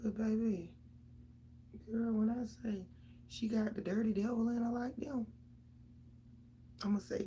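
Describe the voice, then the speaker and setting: A woman's voice: medium pitch, normal speed, slightly rough. A middle-aged mother, venting casually and profanely straight to her viewers about her kids.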